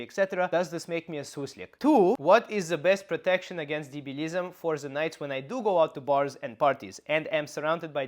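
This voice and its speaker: A man's voice: medium pitch, fairly bright tone. A young man putting on a Russian accent as a blunt Slavic uncle giving mock-stern comedic advice in broken English. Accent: put-on Russian. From Canada. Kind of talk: comedic character advice show.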